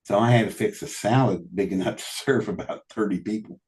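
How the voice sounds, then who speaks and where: A man telling animated anecdotes in a casual conversation, often laughing and quoting what people said. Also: fairly low pitch, brisk. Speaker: guest telling stories. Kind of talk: casual storytelling.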